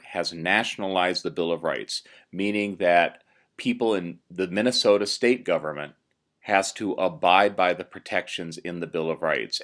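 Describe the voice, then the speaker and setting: A man's voice: deep voice, fairly bright tone. A man teaching a recorded lesson, explaining step by step with many "uh"s and "um"s. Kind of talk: recorded classroom lecture.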